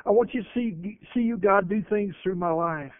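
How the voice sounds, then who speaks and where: A man preaching a sermon and retelling scripture with animated voices. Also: sits high, normal speed, dry recording. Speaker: pastor. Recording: tinny phone-like radio broadcast.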